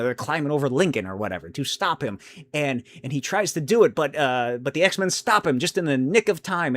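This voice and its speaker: A man's voice: fairly high pitch, a bit bright. A young man hosting a casual solo podcast, thinking aloud, rambling and swearing casually as he answers chat questions. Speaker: podcast host.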